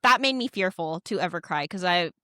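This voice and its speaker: A woman's voice: lowish voice, animated, fairly quick, sharp tone, no room sound, studio quality. A young adult woman co-hosting a podcast in candid, casual chat, swearing freely. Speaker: podcast co-host.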